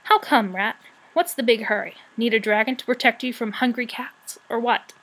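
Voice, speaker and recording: A woman voicing a cheeky, sharp-tongued young female brownie who teases in a high voice. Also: moderate pace, poor audio. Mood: teasing.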